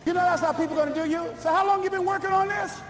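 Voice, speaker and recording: A man's voice: very high voice, fairly even intonation, rapid-fire. A man giving an emphatic motivational speech, addressing the audience directly. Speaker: motivational speaker. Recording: roomy echo with music under it.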